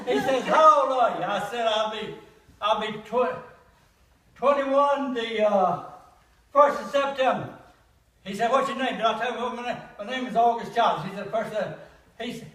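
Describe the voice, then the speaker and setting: A man's voice: extremely high pitch, normal speed, bright, forceful tone. An older man telling a comic monologue of army jokes in a folksy style, laughing at his own punchlines. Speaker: comedian. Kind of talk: comic monologue at a church gathering. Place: church hall. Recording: echoey hall from far off.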